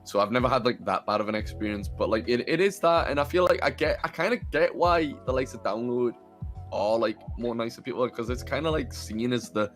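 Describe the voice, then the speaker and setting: A man's voice: medium pitch, a little fast, fairly bright tone, soft background music. A young man from northern England hosting a podcast, chatting casually, sweary and laughing through his stories. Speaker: podcast host. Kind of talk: casual chat.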